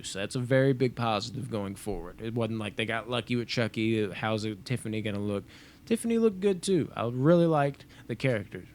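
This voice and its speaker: A man's voice: mid-range voice, slight background noise. A young man giving a casual spoken review of a TV episode, rambling and offhand, with frequent swearing. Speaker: movie and TV reviewer.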